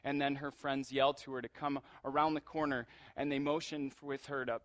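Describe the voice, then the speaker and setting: A man tells a story vividly and slips into the voices of its people as he goes. His voice sits at an everyday middle pitch. The recording is close and dry, with no room echo. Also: flat delivery, fairly quick, fairly bright tone.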